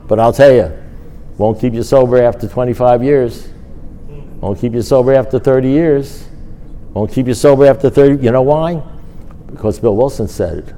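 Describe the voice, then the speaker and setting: A middle-aged man speaking at a recovery meeting, telling a rambling, animated personal story and acting out the dialogue. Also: medium pitch, normal speed.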